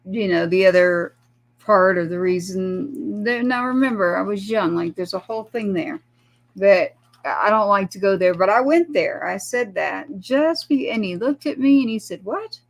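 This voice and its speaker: A woman's voice: mid-range voice, normal speed. A middle-aged woman, telling a rambling, earnest personal story as a guest and acting out the people she quotes. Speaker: guest, military mother.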